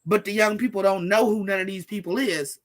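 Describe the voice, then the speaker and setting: A vlogger in their forties ranting casually to viewers in a profane, sassy, animated way. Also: medium pitch, a little fast. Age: 40s. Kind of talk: casual rant to camera.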